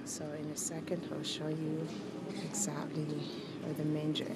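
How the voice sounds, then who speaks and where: In a low, monotone voice at normal speed, a young woman student reporter films a casual vlog on her phone while walking inside a bustling church, teasing herself. Heavy background noise comes from the crowd of visitors around her.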